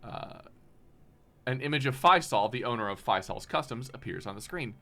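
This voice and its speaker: A man's voice: medium pitch, animated, normal speed, pushed and bright. A man narrating as game master of a tabletop game, loose and chatty with frequent ums.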